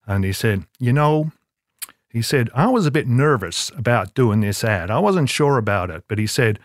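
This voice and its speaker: A man's voice: on the low side, animated, normal speed, no echo, studio quality. An older man, telling long self-deprecating anecdotes as an interview guest, with many restarts. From Australia. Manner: rambling, self-deprecating storyteller with frequent restarts. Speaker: guest, advertising creative.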